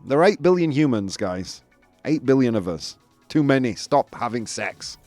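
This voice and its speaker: Male stream host, chatty and self-mocking, animated delivery, dry booth sound. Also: medium pitch, moderate pace, no echo, soft background music. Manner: chatty, self-mocking, reads out chat messages. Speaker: live-stream show host. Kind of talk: casual live-stream chat.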